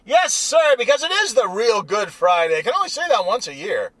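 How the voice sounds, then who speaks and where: Rambling high-voiced man in his car. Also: very animated, fairly quick, fairly bright tone, no echo. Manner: rambling, irreverent, joking. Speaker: vlogger. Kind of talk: casual monologue while driving.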